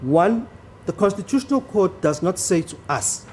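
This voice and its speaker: A man's voice: high-pitched, lively intonation, normal speed, darkish tone, a little hiss or hum. A man arguing a legal point before a judge in a courtroom, formal and deferential to the bench, stressing key words. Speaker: advocate.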